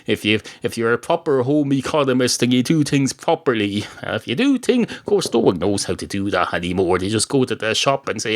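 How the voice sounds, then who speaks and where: An Irish man hosts a podcast with a rambling, sardonic comic monologue and swears freely. His pitch is mid-range but swings widely as he talks. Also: big pitch swings, brisk. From Ireland. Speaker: podcast host.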